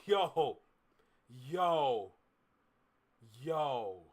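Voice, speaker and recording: A man's voice: on the high side, sing-song, extremely slow. A man with a Caribbean accent hosting a live reaction video, exclaiming, laughing and slipping into patois.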